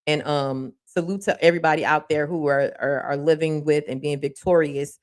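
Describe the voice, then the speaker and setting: A woman hosting a casual live-stream talk show, chatty and folksy, laughing often as she gives shout-outs to her viewers. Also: sits low, fairly even intonation, moderate pace. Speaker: host of a local news livestream.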